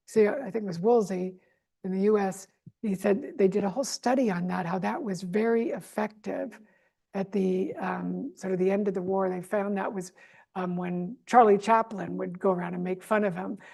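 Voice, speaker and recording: Sarcastic, gravelly-voiced woman interview guest. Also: mid-range voice, moderate pace. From United States. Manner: animated, sarcastic, with frequent asides and laughs. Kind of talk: conversational interview answer.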